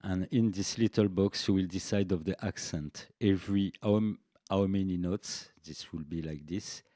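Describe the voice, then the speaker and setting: A man walks through a music software tutorial on a live stream, speaking slowly and patiently. His voice sits very low and mellow, recorded dry and close. Faint drum machine beats tick along behind him. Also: no echo. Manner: unhurried, explanatory, with frequent "okay" checks.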